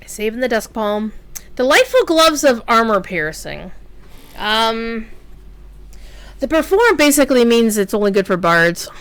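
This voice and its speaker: Slow, smooth-voiced woman streamer. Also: on the high side, big pitch swings, a bit bright. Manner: chatty, rambling asides with fillers; blunt, swears offhandedly. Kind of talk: casual gameplay commentary.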